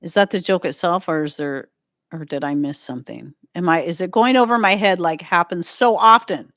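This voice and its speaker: A woman's voice: lowish voice, normal speed, fairly bright tone. A woman hosting a casual home livestream, chatting loosely with viewers, laughing often and wandering off into asides. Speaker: livestream host.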